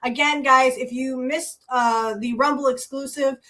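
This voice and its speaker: A woman's voice: high-pitched, fairly even intonation, a little slow, bright, forceful tone. A woman hosting a channel, chatting casually to viewers after archive footage. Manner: chatty, laughing asides. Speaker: channel host.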